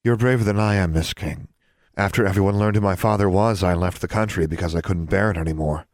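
A man's voice: deep voice, quick pace, darkish tone, no room sound. A man reading as a young witch, plain and resigned.

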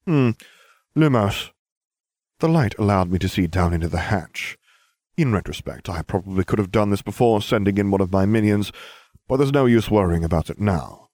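Low, lively man narrating a story. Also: brisk, no echo, clean studio sound. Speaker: reader. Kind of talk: first-person story narration.

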